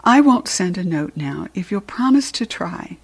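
A woman reading a storybook aloud, voicing a strict, moody middle-aged schoolteacher in a crisp, clipped manner. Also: fairly low pitch, expressive, moderate pace, heavily acted. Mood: coaxing.

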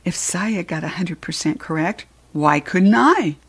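A woman narrating a children's storybook in the first person with an expressive read-aloud delivery. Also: lowish voice, measured pace, slightly rough. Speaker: storybook reader.

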